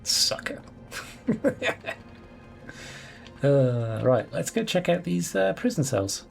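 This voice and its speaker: A man's voice: mid-range voice, big pitch swings, slow pace, vocal fry, mellow, soft background music. A man casually commentating his own gameplay, chatty, playful and sweary. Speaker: let's play host.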